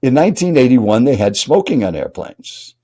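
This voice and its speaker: A man's voice: medium pitch, sing-song, moderate pace, mellow. An older man, a speaking coach and guest, telling a dramatic story while speaking directly to the listener. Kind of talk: animated storytelling.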